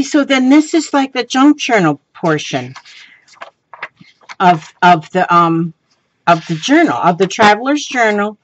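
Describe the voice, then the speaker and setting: A woman with a lowish voice, a crafting vlogger, casually shows off her creations, meandering through ums and restarts and bursting into giggles now and then. Expect lo-fi sound with a faint hiss or hum.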